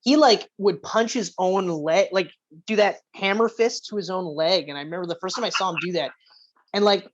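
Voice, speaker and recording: A woman co-hosting a podcast, chatting casually about video games, telling animated stories and swearing freely. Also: fairly low pitch, normal speed. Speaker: podcast co-host. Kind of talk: casual gaming chat. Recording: muffled lo-fi audio.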